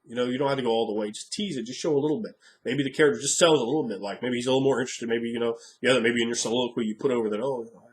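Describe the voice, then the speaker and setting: A man in a casual monologue about tabletop games, speaking frankly and rambling as he thinks aloud. His voice sits at a medium pitch. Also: steady tone, very fast. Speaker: game master.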